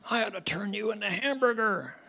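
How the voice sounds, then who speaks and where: A man's voice: high voice, brisk, sharp tone, pitched above the performer's own voice, poor audio. A man voicing a hulking, menacing male biker who blusters out threats in a raised voice. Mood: threatening.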